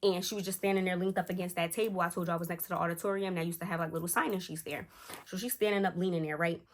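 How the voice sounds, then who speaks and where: A young woman tells a storytime to camera in a casual, animated way, acting out the quotes. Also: rapid-fire, a little hiss or hum. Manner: animated, acts out quotes with shifting pitch. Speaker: storytime vlogger. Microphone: camera close up.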